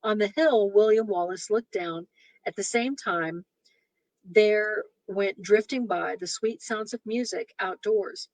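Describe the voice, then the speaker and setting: A woman's voice: medium pitch, unhurried, no echo, rough recording. A woman reading a short story aloud, breaking off for amused asides. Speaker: reader.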